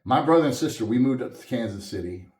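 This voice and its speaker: A man's voice: medium pitch, fast talker, reverberant. A young man from Louisiana with a Southern accent, a musician guest telling stories with laughter in a casual podcast interview. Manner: animated, laughing storyteller, drawls on purpose.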